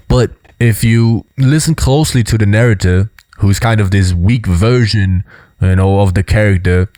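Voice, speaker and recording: A man's voice: on the low side, warm tone, dry recording, clean studio sound. A young man giving casual, explanatory commentary on body language, peppering his points with "you know" and "right?".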